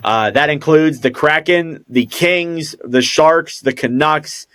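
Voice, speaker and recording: A man's voice: on the high side, slow, a bit bright, clear, resonant tone, dry recording, clean studio sound. A man hosting a podcast in casual chat who thinks aloud as he goes. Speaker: podcast host.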